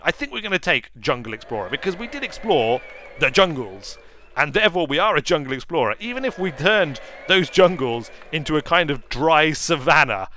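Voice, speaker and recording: A man hosting a let's play, joking and mocking himself as he plays. His voice is bright and on the high side for a man, with lively swings in pitch. Faint game music sits under the talk. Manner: playful, jokey, self-mocking. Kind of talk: gameplay commentary.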